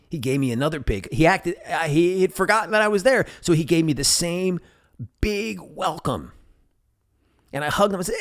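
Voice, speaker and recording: A man hosting a podcast, telling personal stories in a casual, animated way. His pitch is very lively and rises and falls constantly as he slips into the voices of the people in his stories. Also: brisk. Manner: animated, acts out quoted voices. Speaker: podcast host.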